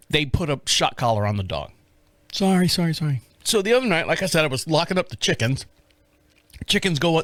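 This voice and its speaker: A podcast host in his fifties tells a rambling solo story about his rural life, swearing a lot and acting out his own yelling in a high, loud voice. The tone is clean, with no room sound.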